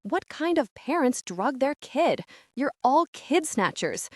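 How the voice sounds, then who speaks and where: Storybook child read by a woman: outraged eight-year-old girl, animated, dry close recording. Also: takes it slowly, no echo, exaggerated voice. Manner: higher, louder, outraged child voice.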